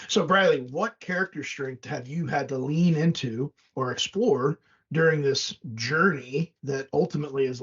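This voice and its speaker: A man hosts a podcast and asks earnest, reflective questions. His voice is husky and pitched in a middle range, and the audio is dull and lo-fi. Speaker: podcast host. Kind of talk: podcast interviewing.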